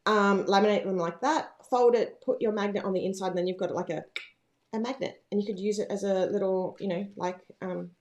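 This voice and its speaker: A woman's voice: mid-range voice, a little fast. A woman hosting a casual livestream from home, chatting in a rambling, bubbly way with lots of fillers. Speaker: livestream host, planner business owner.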